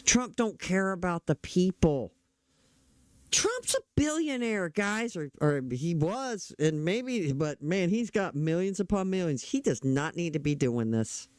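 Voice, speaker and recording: A man's voice: sits high, big pitch swings, measured pace, clean tone, no room sound. A middle-aged man talking politics in a casual, blunt, opinionated way, often restarting his sentences. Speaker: political commentator.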